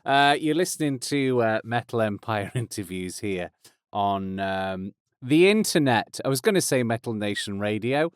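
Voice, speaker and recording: A man's voice: lowish voice, expressive, moderate pace, clear, resonant tone, no room sound. Casual intro from a man hosting a podcast, dry close mic, rambles and chuckles. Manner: rambling, self-deprecating, chuckling. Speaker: host. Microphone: close studio mic.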